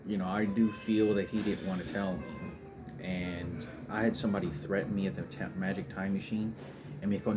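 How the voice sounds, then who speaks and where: A man's voice: deep voice, fairly even intonation, normal speed, music in the background. A man telling a rambling, emotional personal story about his family, with many restarts and fillers. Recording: noisy background ambience.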